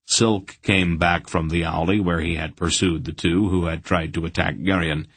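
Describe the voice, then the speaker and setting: A man narrating an audiobook in a steady storytelling manner. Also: low voice, moderate pace, breathy edge. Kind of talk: scripted narration.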